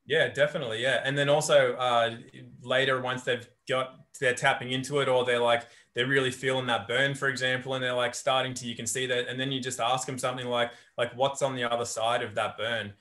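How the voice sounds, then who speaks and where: A man's voice: medium pitch, level tone, fairly quick, few pauses, pushed and bright. A man who works as a coach, a guest on a casual podcast, speaking reflectively and telling stories. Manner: storytelling, reflective.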